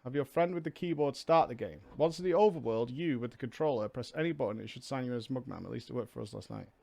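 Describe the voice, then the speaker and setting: A man's voice: medium pitch, fast talker, gravelly, a little mellow. A man streaming a game, reading tips aloud and teasing with laughs. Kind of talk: casual gaming banter.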